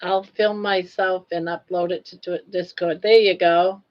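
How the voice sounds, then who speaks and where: A woman's voice: fairly even intonation, measured pace. An older woman hosting a casual live stream, chatty and teasing, laughing often. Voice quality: froggy, low-pitched singing voice by her own account. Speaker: livestream host. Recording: dull lo-fi stream audio.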